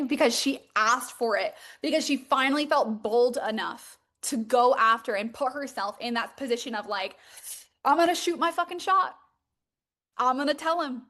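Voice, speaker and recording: A young woman coaching her listeners in a loose, emphatic podcast monologue. She leans on fillers and swears freely for emphasis, and her voice sits a little high. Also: a bit bright. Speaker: podcast host, mindset coach. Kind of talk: motivational monologue.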